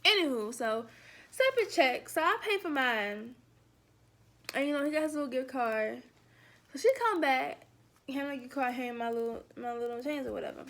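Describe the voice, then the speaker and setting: A young woman telling a casual storytime, animated and sassy, acting out the quoted lines. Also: high-pitched, normal speed.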